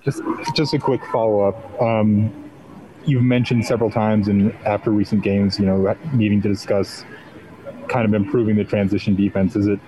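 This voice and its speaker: A man's voice: lowish voice, level tone, moderate pace, dark tone, a little hiss or hum, poor audio. A male reporter asking press conference questions in a tentative, hedging way.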